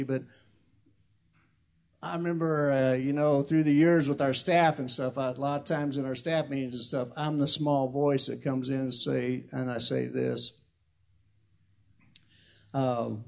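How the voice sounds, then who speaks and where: An older man in his sixties preaching as a pastor, reading scripture slowly and loudly, then talking fast and conversational. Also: medium pitch, creaky. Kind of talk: sermon.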